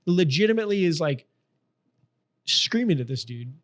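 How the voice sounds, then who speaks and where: A man in his thirties telling a profane, animated story in casual podcast chat, acting out the people in it. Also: fairly high pitch, moderate pace. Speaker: guest.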